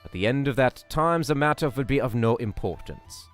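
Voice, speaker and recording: A man voicing a proud masked nobleman with a put-on vaguely Eastern European accent, speaking formally and slowly. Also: mid-range voice, expressive, soft background music, lightly acted. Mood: grave.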